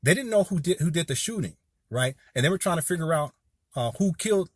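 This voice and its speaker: Here is a forty-something commentator from Southern California, addressing "y'all" in an impassioned, meandering on-camera monologue. His voice is fairly high, husky, expressive, and brisk, and the studio-quality recording is dry.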